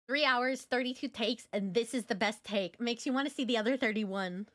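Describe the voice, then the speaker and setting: A woman's voice: a little high, brisk, hardly any pauses, fairly bright tone, no room sound. A woman streamer chatting casually with her viewers, giggly and rambling, with lots of fillers. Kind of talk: casual reaction chat.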